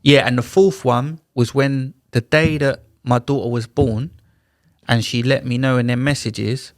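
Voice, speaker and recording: A man's voice: mid-range voice, a little slow, no echo, studio quality. A man, a podcast guest telling a personal story in a casual, slang-heavy way and acting out the other people's lines. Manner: animated, slangy retelling with acted-out dialogue. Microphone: studio podcast mic.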